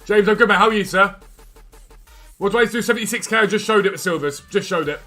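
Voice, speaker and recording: Give me a male streamer with a high, bright voice, rattling off quick answers to his live chat. He talks fast and keeps it chatty, with faint music under him.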